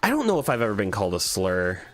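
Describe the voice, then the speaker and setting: A man's voice: fairly low pitch, fast. A young adult man hosting a casual livestream, reading chat aloud and laughing often as he tells stories. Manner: animated, laughs a lot, reads chat aloud. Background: faint background music.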